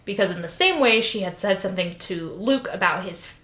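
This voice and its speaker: A woman's voice: medium pitch, animated, a little fast, bright, forceful tone. A woman co-hosting a podcast, animatedly recapping a book in casual, profane chat and slipping into quoted voices. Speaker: podcast co-host. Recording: roomy sound with faint noise.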